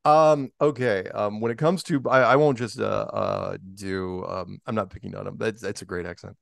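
A man's voice: on the low side, steady tone, normal speed, creaky, dry recording, clean studio sound. A man talking as a podcast guest in a rambling way, full of fillers and restarts. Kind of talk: casual interview talk.

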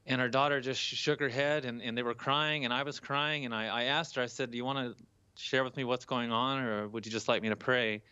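A man's voice: mid-range voice, fairly even intonation, fairly quick, pushed and bright, clear, resonant tone, no echo, dull audio. A young man, a college student, telling a personal story earnestly in an interview, with some restarts. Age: young adult.

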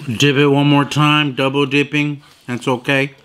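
A young man reviewing sandwiches in a casual food vlog, swearing freely and complaining loudly in disbelief about small portions. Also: mid-range voice, measured pace, clean tone. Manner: profane, animated, incredulous complaining.

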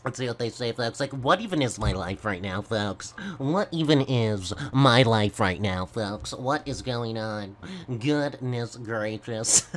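A man doing goofy gameplay commentary, stammering and talking slowly to his viewers as folks. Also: mid-range voice, expressive. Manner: slow, stammering, goofy, keeps addressing folks. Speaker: gaming YouTuber.

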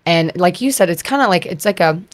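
A woman in her thirties, a podcast guest, talking in a chatty, animated way with lots of fillers. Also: lowish voice, a little fast. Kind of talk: casual conversation.

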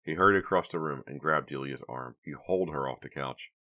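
A man reads an audiobook aloud in scripted narration. His voice is extremely deep and sits at the floor of the male range. He keeps the reading steady and measured from line to line.

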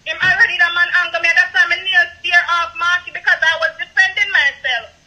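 A Jamaican man with a very high, sharply bright voice, talking in a rambling, repetitive way and slipping into patois. He sounds emotional, close to tears, as he tells his story on a live call. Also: fairly even intonation, brisk, rough recording. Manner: rambling, repeats himself, slips into patois. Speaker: guest telling his story.

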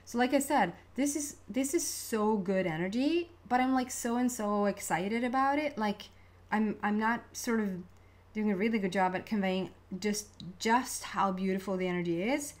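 This is a young woman talking her way through a tarot reading in a loose, chatty monologue. She gets excited easily, laughs along the way and trips over her words as her thoughts race ahead. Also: mid-range voice, moderate pace. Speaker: tarot card reader.

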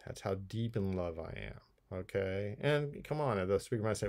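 A man's voice: fairly low pitch, expressive, moderate pace, darkish tone. Man giving a chatty poetry lecture. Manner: conversational, playful asides while explaining poems. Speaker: college English teacher. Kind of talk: recorded video lecture.

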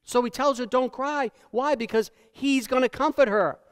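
A male pastor with a high voice preaches in a church sanctuary, and his words carry a long reverb through the hall. He swings from emphatic peaks down to hushed, intimate lows. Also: moderate pace, clean tone. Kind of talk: sermon.

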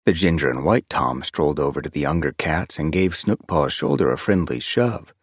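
A man narrating a fantasy audiobook, expressive and reading from a script. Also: very deep voice, normal speed, dry recording, studio quality. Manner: expressive, shifting voices for characters.

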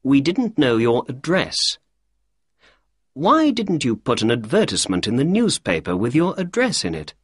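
A man voicing a clever male detective with a crisp, brisk and upbeat manner. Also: medium pitch, wildly swooping pitch, dry recording, clean studio sound, pitched above the performer's own voice.

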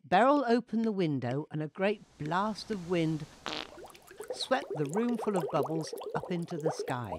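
Brief: playful children's author narrating, lively delivery, noisy recording. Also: female voice, deep voice, moderate pace. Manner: playful and expressive. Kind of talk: bedtime story narration. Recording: noisy hiss behind the voice.

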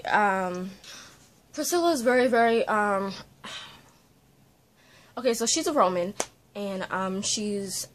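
A woman chats casually into a phone on a tripod in her bedroom, rambling through a book review with plenty of fillers. Her pitch sits in the middle range for a woman. Faint room noise hangs behind her. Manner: rambling, animated, many fillers. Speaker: book vlogger. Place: bedroom at home. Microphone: phone on a selfie-stick tripod.

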